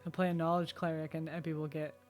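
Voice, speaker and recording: A woman's voice: sits low, flat delivery, fast talker, a little mellow, soft background music. A woman playing a tabletop game with her husband, chatting casually and playfully. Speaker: player.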